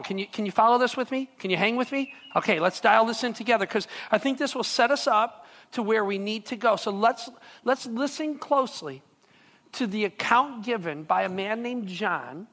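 A pastor preaching a sermon in a relaxed, conversational way, often repeating words and checking in with the listeners. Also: medium pitch, normal speed. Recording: long reverb of a large hall.

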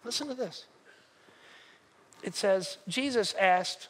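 A male pastor preaching a sermon, retelling a story with animated acted-out voices and direct questions to the congregation. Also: high voice, normal speed.

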